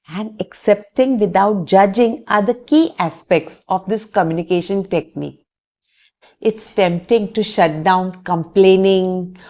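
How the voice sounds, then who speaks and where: A woman teacher giving calm, scripted parenting advice in a measured, explanatory way. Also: medium pitch.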